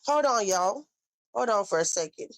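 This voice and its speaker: Speaking at a moderate pace, the Southern US woman hosting this livestream has a medium-pitched, expressive voice. She lashes out at critics in a profane, angry, confrontational rant.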